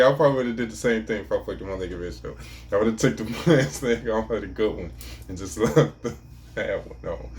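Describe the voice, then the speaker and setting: A man's voice: on the low side, a little mellow, a little hiss or hum. A man casually commenting on a clip for a reaction video, laid-back and slangy.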